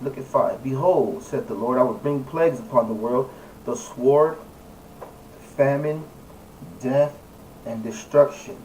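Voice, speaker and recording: A man's voice: medium pitch, darkish tone. Emphatic man reading scripture, distant mic. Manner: emphatic, repeats key words, fillers between verses. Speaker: Bible study teacher. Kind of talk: reading scripture aloud with commentary. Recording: distant mic, faint background noise.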